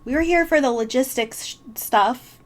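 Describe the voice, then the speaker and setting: Eager woman in a tabletop game, slightly high voice. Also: moderate pace, slight background noise. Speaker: player. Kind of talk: playing her character in a tabletop game.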